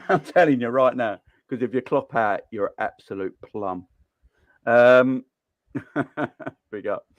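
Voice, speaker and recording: A man hosting a football call-in live stream, excitable and slangy, laughing often between lines. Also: medium pitch, no room sound. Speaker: host of a football call-in show. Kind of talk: casual live-stream chat.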